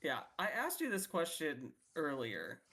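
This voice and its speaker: A man co-hosting a casual Bible discussion, playful and quick to laugh and joke along. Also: on the high side, huge pitch swings, pushed and bright. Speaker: podcast co-host.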